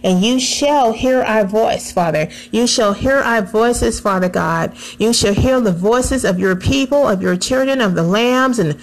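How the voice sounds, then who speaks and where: A woman's voice: fairly high pitch, measured pace, hardly any pauses, poor audio. A woman praying aloud, fervent and pleading, returning again and again to the same address to God. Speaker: prayer leader. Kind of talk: spoken prayer.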